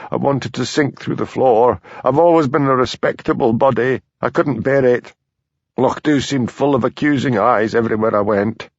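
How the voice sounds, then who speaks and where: A man's voice: mid-range voice, gravelly, no echo. A man voicing a frail, ashamed woman in her fifties who speaks in a tearful, faltering way. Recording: dull dry lo-fi audio.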